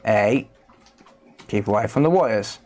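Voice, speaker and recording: A man's voice: lowish voice, lively intonation, slow, darkish tone. A man with a British accent chatting casually on a repair livestream, coaxing and playful. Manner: chatty, coaxing, talks to pets with playful asides. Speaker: repair streamer.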